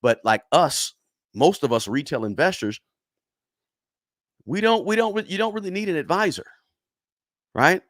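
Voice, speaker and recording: A man talking money straight to his viewers, hammering points home by repeating words and tossing in "right?" again and again. His voice is fairly high and swings widely in pitch. The sound is close and dry, with no room echo. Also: lively intonation, moderate pace, long pauses, fairly bright tone. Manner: emphatic, repeats words for stress, frequent "right?". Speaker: personal finance YouTuber. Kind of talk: casual talk to camera.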